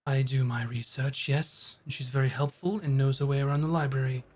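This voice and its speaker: A man's voice: mid-range voice, fairly even intonation, brisk, darkish tone, natural voice. Man doing a fussy, formal tailor. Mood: polite. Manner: polite, formal, a bit stiff.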